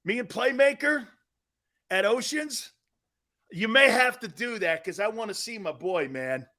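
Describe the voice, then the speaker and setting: A middle-aged man hosting a live sports talk show, joking loudly, reading out comments and jumping between topics. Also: sits high, animated, measured pace. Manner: loud, joking, jumps between topics, often raises his voice.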